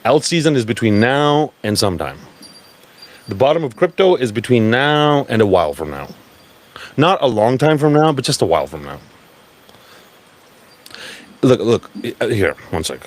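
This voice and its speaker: A man giving a blunt, profane, animated live talk at a crypto event. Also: medium pitch, normal speed, long pauses, slight background noise.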